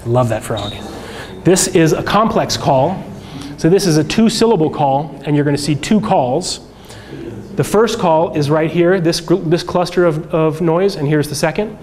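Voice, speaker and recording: A man teaching a workshop class, talking through slides in a relaxed, conversational way with many fillers and restarts. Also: a little high, moderate pace, a little hiss or hum. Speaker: workshop instructor. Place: lecture room.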